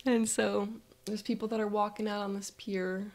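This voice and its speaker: A woman leading a guided visualization, telling a relaxed, chatty first-person story in the present tense. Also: medium pitch, moderate pace, creaky.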